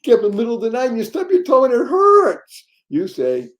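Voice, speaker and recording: A man hosting a podcast, animated and playful, fond of wordplay, with sudden loud bursts of emphasis. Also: very high voice, fairly quick, few pauses. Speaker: podcast host. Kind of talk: upbeat podcast chat.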